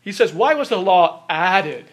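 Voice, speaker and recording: A man preaching a sermon, emphatic and repeating phrases for stress, his voice going hoarse. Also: high voice, very animated, a little slow, fairly bright tone. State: losing his voice. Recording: roomy echo of a hall.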